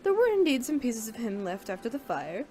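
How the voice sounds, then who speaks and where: A cold male doctor explains things plainly, without sympathy, as a woman reads him aloud from a visual novel. His delivery is measured and detached. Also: on the high side, sing-song, warm tone, slight background noise. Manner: detached, matter-of-fact.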